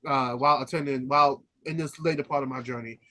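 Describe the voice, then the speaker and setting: This opera singer, co-hosting a podcast, talks at a quick pace in a mid-range voice that is steady and sharp. The chat is casual, and he laughs readily, often breaking off and starting over mid-story.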